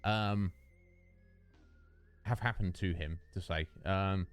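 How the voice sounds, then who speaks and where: A man's voice: sits low, fairly even intonation, slow pace, clean tone, faint music behind. A man chatting with viewers while streaming a game, rambling and joking, answering chat by name. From United Kingdom. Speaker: Twitch streamer. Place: home streaming setup. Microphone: studio dynamic microphone.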